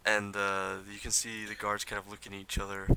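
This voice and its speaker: Man with a bright, tense voice. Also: lowish voice, a little fast. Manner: relaxed, rambling description full of fillers. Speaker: game master. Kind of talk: narrating a tabletop game.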